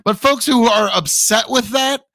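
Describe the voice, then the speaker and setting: A man's voice: very high-pitched, unhurried, crowd noise. A male debate show host arguing in a combative, sarcastic way.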